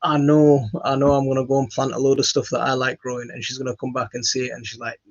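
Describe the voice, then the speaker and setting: Guy rambling bout his garden, gravelly voice, dull phone audio. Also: mid-range voice, flat delivery, fast, no room sound. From West Yorkshire, England. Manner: rambling, self-deprecating, many fillers and restarts. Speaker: gardening channel host. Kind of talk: casual chat to camera. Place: home studio, indoors.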